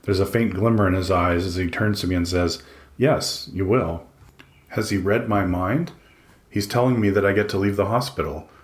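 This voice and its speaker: A man's voice: sits low, steady tone, fairly quick. A man reading a first-person audiobook in a dry, introspective way. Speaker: audiobook narrator. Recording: echoey room.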